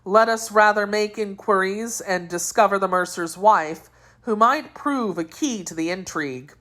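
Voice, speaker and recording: A woman reading aloud, voicing a quick-witted young male swordsman who speaks earnestly and takes charge. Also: mid-range voice, fairly bright tone, voice pushed up, close to an everyday voice.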